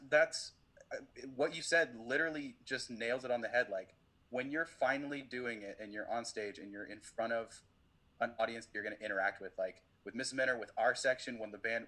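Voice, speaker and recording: A man's voice: mid-range voice, a bit bright. A young adult man, a musician guest on a podcast, talking casually and rambling a lot. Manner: rambling, many "like" fillers. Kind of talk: casual conversation.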